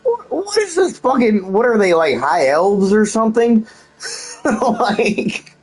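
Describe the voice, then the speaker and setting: A man's voice: high-pitched, very animated, takes it slowly, soft background music, rough recording. A man streaming a video game and chatting casually, joking and swearing a lot and laughing often. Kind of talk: casual gameplay commentary.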